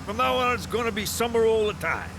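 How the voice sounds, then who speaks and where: A man's voice: sits high, lively intonation, fast talker, creaky, background noise. An actor voicing a blunt, muddled male mobster sidekick in an adult cartoon. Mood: bossy.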